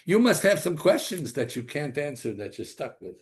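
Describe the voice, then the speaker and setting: A man voicing an ancient prophet, an old man who is grieving but wise, retold in a patient, gently teasing way. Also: fairly high pitch, very animated, moderate pace, husky, voice pushed up.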